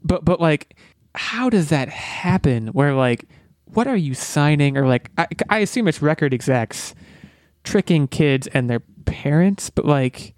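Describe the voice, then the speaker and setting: A young man co-hosting a podcast in casual chat, rambling and breaking off mid-sentence into animated asides. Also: a little high, a little slow, no room sound, clean studio sound. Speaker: podcast co-host.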